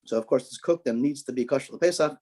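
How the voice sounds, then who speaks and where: Male rabbi, relaxed dark tone, casual teaching talk, repeats himself, joking asides. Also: medium pitch, quick pace. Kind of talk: informal kosher guidance talk.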